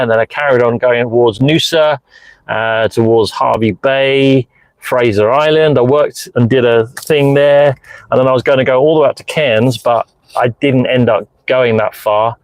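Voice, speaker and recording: A man's voice: medium pitch, no room sound, poor audio. A middle-aged man chatting casually on a live stream from inside his car, rambling as he answers viewers' messages. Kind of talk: casual live-stream chat while driving. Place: inside a car, parked in a lay-by. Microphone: phone mounted hands-free in the car.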